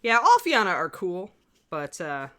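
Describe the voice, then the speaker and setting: Bright, chatty woman streamer, lowish voice. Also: wildly swooping pitch, measured pace. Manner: chatty and rambling, often laughing, reads out chat messages. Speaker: livestream host. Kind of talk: casual chat on a hobby livestream.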